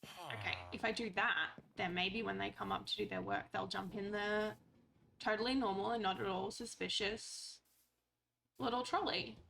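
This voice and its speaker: A woman's voice: mid-range voice, animated, normal speed, creaky, noisy background. A woman streamer chatting playfully through her gameplay, talking to the characters on screen and swearing casually.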